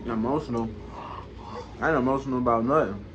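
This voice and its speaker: A man's voice: medium pitch, brisk. Indignant young man, lo-fi noisy recording. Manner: indignant, repetitive rambling. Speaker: boyfriend being pranked. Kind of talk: casual chat. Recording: dull lo-fi sound with clear background noise.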